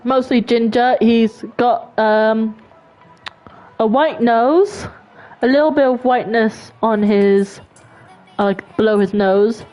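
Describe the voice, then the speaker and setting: A woman's voice: on the high side, slow pace, a little mellow, faint music behind. A woman streaming a game, chatting casually and talking fondly to her cat. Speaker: gaming streamer. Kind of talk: casual gameplay chat.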